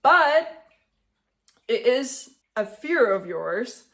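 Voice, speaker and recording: A woman's voice: a little high, sing-song, extremely slow, a bit bright. A woman in her twenties talking casually to the camera as a vlogger. She is chatty and blunt, swears freely, and speaks to her younger self. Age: 20s.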